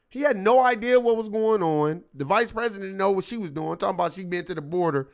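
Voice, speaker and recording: A man with a notably high voice delivers a heated, profane political rant on his own show. He mocks the people he talks about by acting out their lines in quick asides. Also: expressive. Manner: profane, heated, mocking, acts out quotes. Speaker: show host.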